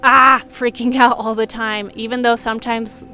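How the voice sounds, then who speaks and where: A woman's voice: fairly high pitch, flat delivery, normal speed, faint music behind. A woman who works as a healing coach talks in a candid, earnest vlog monologue, with frequent "like" fillers.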